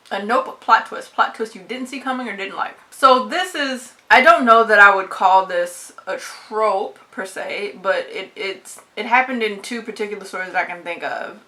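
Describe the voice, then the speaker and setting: In a casual book tag vlog, a woman with a medium-pitched, sharp-toned voice talks bluntly, swearing freely and laughing often.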